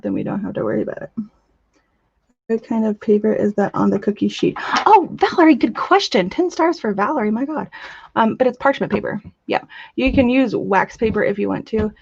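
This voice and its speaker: A woman hosting a casual crafting livestream, chatting in a bubbly way with quick gushing asides while she demonstrates. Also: mid-range voice, vocal fry, a little mellow, breathy edge, dry recording, highs cut off. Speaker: crafting channel host. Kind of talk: casual live-stream chat with demos.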